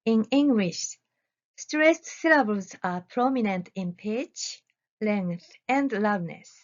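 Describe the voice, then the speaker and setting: A woman researcher giving a recorded academic presentation, reading deliberately with careful pauses. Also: medium pitch, animated, highs cut off.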